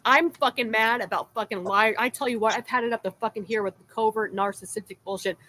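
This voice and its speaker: A woman's voice: on the high side, fast talker, bright, forceful tone, slight background noise. A woman ranting angrily and cursing constantly in a heated online argument. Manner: profane, angry, ranting. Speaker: livestream participant.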